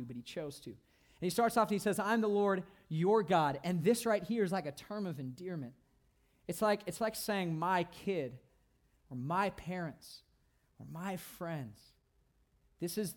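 A man with a notably high voice preaches a sermon. He is emphatic and repeats phrases to drive each point home. His delivery swings from loud, ringing declarations to quiet, hushed asides. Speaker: pastor.

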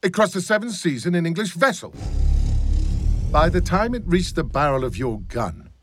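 An actor playing a cold, arrogant colonial governor, speaking with measured contempt in a movie clip. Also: male voice, sits high, animated, fairly bright tone. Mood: contemptuous. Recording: movie clip with faint background noise.

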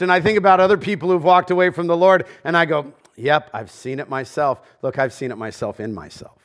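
A middle-aged man preaching a sermon as pastor in a church. He talks conversationally and drops to a near hush on key lines. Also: fairly high pitch, fairly quick. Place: church sanctuary.

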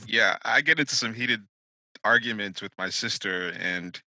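A man's voice: on the low side, moderate pace, bright, forceful tone, no echo, rough recording. A young man hosting a podcast, casual and frank, cursing freely. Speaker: podcast host.

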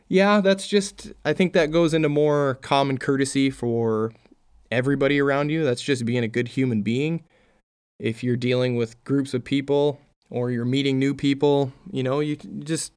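A man's voice: mid-range voice, normal speed, smooth. A man hosting a solo podcast, chatting casually and reading out posts before giving his own take. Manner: conversational, reads out posts then comments. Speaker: podcast host.

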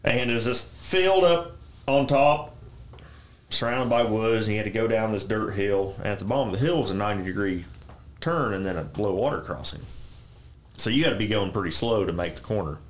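A man's voice: on the low side, animated, fairly quick. A man who farms, telling rambling stories in casual chat, with some swearing. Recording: roomy echo.

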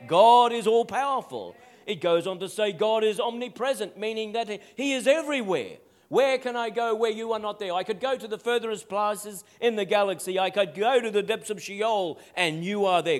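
A pastor preaching a sermon, calling out for amens and dropping to a soft, intimate voice at times. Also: male voice, high voice. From Netherlands. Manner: call-and-response preaching, asks for amens.

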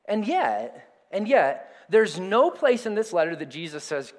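A man preaching a sermon to his congregation, animated, calling on them to repeat words with him. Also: sits high, a little slow. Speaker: pastor. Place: church sanctuary. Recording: reverberant hall.

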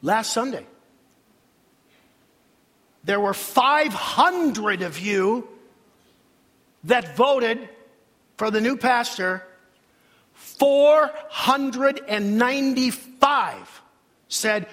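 An older man preaching a sermon in a church, dramatic, with long pauses and sudden swells of emphasis. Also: very high voice, animated, a bit bright. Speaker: senior pastor. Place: church sanctuary. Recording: reverberant church hall.

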